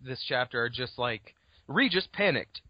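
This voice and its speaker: A man co-hosting a casual book podcast, retelling the story in an animated way, swearing freely and laughing often. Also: medium pitch, moderate pace, no room sound. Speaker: podcast co-host. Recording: dull lo-fi dry recording.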